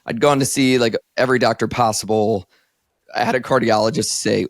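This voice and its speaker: A therapist in his thirties from Northeast Ohio, co-hosting a casual podcast, tells an emotional personal story candidly, saying "like" constantly. His medium-pitched voice is fairly even and a little fast, captured in clean, echo-free studio sound.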